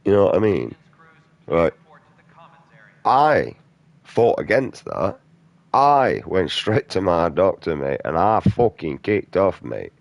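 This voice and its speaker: A man's voice: low voice, big pitch swings, takes it slowly, vocal fry, long pauses, no echo. A man, a gaming streamer delivering an aggressive, profane rant in blunt slang. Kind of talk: angry off-topic rant during gameplay.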